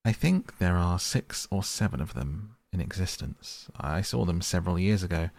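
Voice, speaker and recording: A man's voice: low voice, animated, normal speed, creaky, a little mellow, dry recording, exaggerated voice. A man voicing a small, plain desert flower in an audiobook reading, matter-of-fact. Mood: detached.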